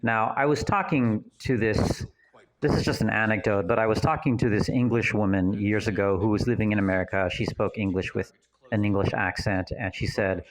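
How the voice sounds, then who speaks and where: A male commentator talks over a film, earnest and rambling, moving from one anecdote to the next. His voice is somewhat low. The tone is casual and conversational. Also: fairly even intonation, fairly quick, slight background noise, low-quality recording.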